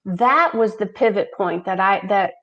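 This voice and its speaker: Woman telling lively stories. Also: mid-range voice, unhurried, dull audio. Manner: animated anecdotes, acting out quoted dialogue. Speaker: charity founder, guest. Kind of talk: conversational storytelling interview.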